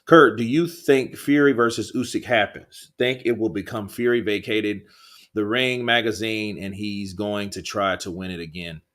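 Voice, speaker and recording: A man's voice: fairly low pitch, steady tone, normal speed, a bit bright. A man hosting a live boxing stream, reading viewer comments and chatting in a rambling, laid-back way with plenty of swearing. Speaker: livestream host.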